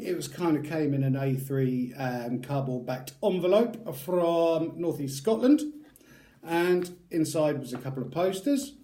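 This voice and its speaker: Speaking straight to his viewers in a mellow, medium-pitched voice, a man rambles through an unboxing review of a tattoo aftercare product. He keeps it chatty, with jokey asides.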